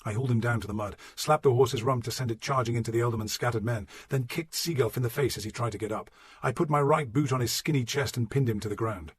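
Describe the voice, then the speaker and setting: A man reading a historical novel as a first-person audiobook narration, measured and low-voiced. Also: slightly rough, dry recording.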